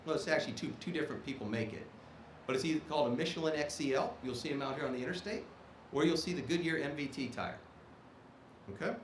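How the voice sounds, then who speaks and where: A man's voice: on the high side, quick pace, slight background noise. Emphatic man speaking in an echoey auditorium. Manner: emphatic, punctuates points with "okay?". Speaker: guest speaker, Army officer. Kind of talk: ceremony speech. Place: performing arts auditorium.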